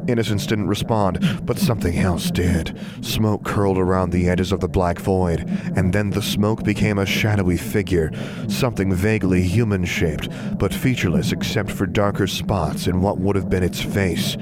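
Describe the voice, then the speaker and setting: A man narrating a story in a steady, even reading voice. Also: low voice, normal speed, over a noisy crowd. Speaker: audiobook narrator. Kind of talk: scripted narration.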